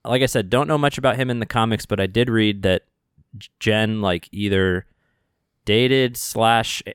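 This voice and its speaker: Podcast guy w a smooth clear voice, rambles and hedges, dry mic. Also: on the low side, moderate pace, no room sound. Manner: rambling and hedging, stops to rephrase. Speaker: podcast co-host. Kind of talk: casual chat discussing a show.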